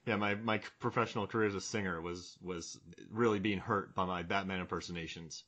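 A man's voice: sits low, fairly even intonation, a little fast, fairly bright tone, highs cut off. A man in his forties hosting a casual podcast chat, joking and rambling, fond of comic bits. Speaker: podcast host.

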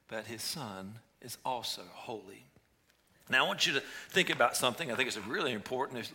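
A man preaching a sermon, reading scripture aloud and moving between hushed whispers and intense, raised passages. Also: mid-range voice, vocal fry. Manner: dynamic preaching, dropping to a whisper then rising to intense cries. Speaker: pastor.

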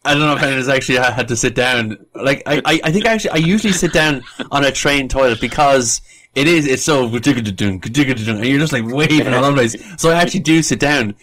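This man co-hosts a podcast with a medium-pitched voice that moves a little fast, with slight background noise in the recording. In casual chat he laughs often and tells stories with energy.

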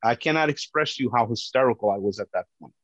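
A man with a big, loud voice, a police officer giving personal testimony. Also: mid-range voice, animated, quick pace, no echo. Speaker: police officer telling his story. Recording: dull, dry lo-fi recording.

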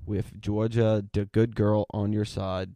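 A man's voice: lowish voice, flat delivery, measured pace, creaky, dark tone, no room sound, clean studio sound. A man voicing an eager female dog applying for a job, lisping his R sounds as W sounds in a cutesy way. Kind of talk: reading a submission aloud in a dog voice.

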